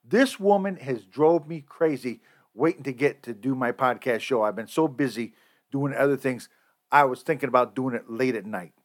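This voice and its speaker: A man's voice: medium pitch, normal speed. A man hosting a podcast, delivering a heated, profane, repetitive rant. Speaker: podcast host. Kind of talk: angry solo podcast rant.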